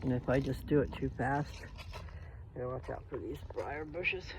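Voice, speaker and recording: A vlogger from Colorado rambles to his viewers while walking along an outdoor path, filming on a handheld phone. His medium-pitched voice moves at normal speed over background noise, in a casual walking vlog.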